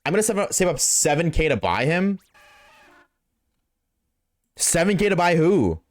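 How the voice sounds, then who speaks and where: A young man streaming live, reading chat and reacting in a casual, slangy, excitable way, swearing freely. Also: fairly high pitch, moderate pace.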